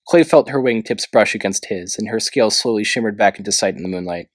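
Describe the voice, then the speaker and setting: A man narrating a children's fantasy novel aloud in a steady, plain reading style with small slips. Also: on the low side, fast talker, hardly any pauses, no echo. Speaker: amateur audiobook reader. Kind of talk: storybook narration.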